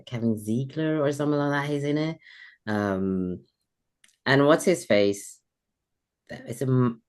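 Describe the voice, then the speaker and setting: A man in his thirties with a British-sounding accent, chatting as an author guest in a casual, rambling way, laughing often. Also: medium pitch. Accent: British-sounding English. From Sweden. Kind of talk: casual podcast interview.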